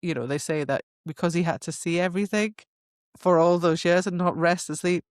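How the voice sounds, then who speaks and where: A woman's voice: fairly low pitch, fairly even intonation, brisk, dry recording, clean studio sound. A woman co-hosting a book podcast, recapping the plot in casual chat and laughing often. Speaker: podcast co-host.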